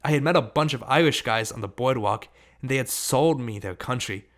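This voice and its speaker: A man's voice: medium pitch, a little fast. Man narrating an audiobook in a mid voice. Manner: steady first-person storytelling. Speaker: audiobook reader.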